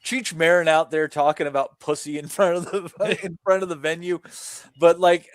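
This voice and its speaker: A man co-hosting a podcast in casual, profane banter, animated and laughing often. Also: a little high, moderate pace, dry recording. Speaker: podcast co-host.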